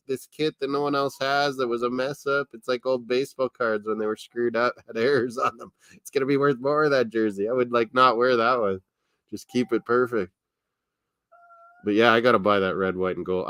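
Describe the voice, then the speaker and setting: A man's voice: mid-range voice, a bit bright, smooth, no room sound. A man hosting a live sports watchalong, chatting in a rambling, casual way and laughing often. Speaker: watchalong host. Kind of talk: casual live-stream chat.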